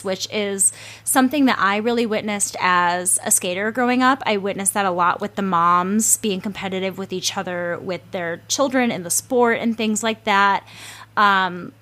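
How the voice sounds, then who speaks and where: A young woman hosting a casual podcast, telling stories at a middle pitch. She talks in rambling bursts full of "like" and visible emotion. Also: fairly bright tone. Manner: chatty, filler-heavy, emotional storytelling. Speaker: podcast host. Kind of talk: casual chat.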